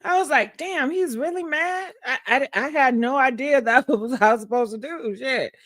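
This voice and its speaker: A woman's voice: fairly high pitch, normal speed, fairly bright tone, no room sound, studio quality. A woman vlogger casually telling a personal story to her viewers, frank and profane, laughing often.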